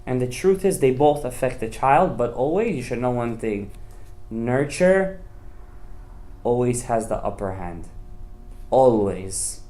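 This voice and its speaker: A man's voice: medium pitch, expressive, unhurried, pauses often, dark tone. A man, a rabbi, giving a passionate sermon with dramatic, emphatic storytelling. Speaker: rabbi teaching a Torah class.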